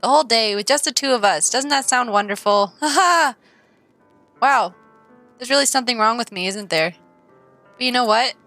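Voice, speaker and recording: A woman voicing a shy teenage girl in a game who grows possessive and intense, read in a soft, creeping way. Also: on the high side, moderate pace, long pauses, soft background music, rough recording. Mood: obsessive.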